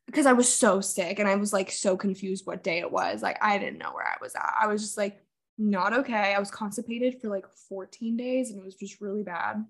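A woman's voice: mid-range voice, animated, a little fast, creaky. Young woman rambling thru a story on her podcast, lots of like and literally, bit of swearing. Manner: chatty storyteller, swears, says "like" and "literally" a lot. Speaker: podcast co-host. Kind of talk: casual chat.

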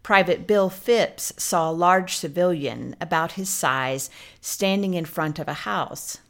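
A woman's voice: on the low side, a little slow, a bit bright. A woman co-hosting a history podcast, telling the story in a scripted narration. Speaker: podcast co-host.

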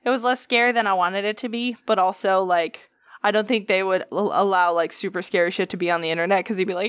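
A woman's voice: medium pitch, fairly even intonation, quick pace, a bit bright, smooth, dry recording. A woman co-hosting a casual podcast, joking playfully. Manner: playful, joking, laughs often. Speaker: podcast co-host. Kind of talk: casual chat.

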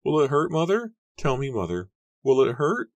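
A man's voice: fairly high pitch, huge pitch swings, normal speed, no room sound, voice pushed up. A man voicing a terrified young girl who cries out shrilly and pleads desperately.

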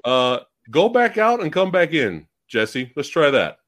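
A man in his forties chats casually with his stream audience, laughing often between remarks. His voice sits a little high and swings widely in pitch. He talks into a headphone mic at home. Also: very animated, a little slow, fairly bright tone. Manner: laughs often, chatty with chat. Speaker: host. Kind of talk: casual livestream chat. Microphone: headphones or earbuds mic.

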